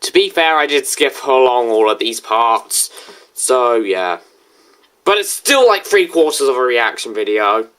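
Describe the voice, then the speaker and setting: A woman giving casual commentary over a reaction video, blunt and sarcastic, quick to correct others. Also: rumbling low, lively intonation, a bit bright, smooth.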